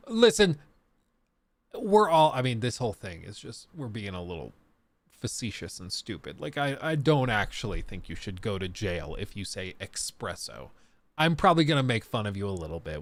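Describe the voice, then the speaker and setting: A man's voice: mid-range voice, no echo. Streamer host, man in his thirties, casual rambling chat, faint Colorado accent, dry close mic. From US South. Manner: rambling, self-interrupting, reads chat aloud.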